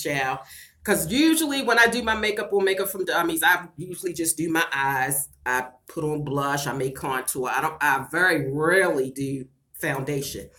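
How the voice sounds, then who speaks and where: A low-pitched woman with a bright, forceful edge, talking straight to her viewers on a live-stream vlog. She is tearful and her voice breaks at times, yet she stays blunt and swears without holding back. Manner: blunt, cusses freely, calls viewers "y'all" and "girl". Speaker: vlogger reading live chat. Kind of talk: emotional casual live-stream chat.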